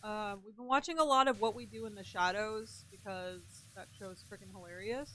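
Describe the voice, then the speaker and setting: A woman's voice: medium pitch, moderate pace, fairly bright tone, slight background noise. A young woman streaming a game and chatting casually, talking freely, swearing, and answering her chat. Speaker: gaming streamer.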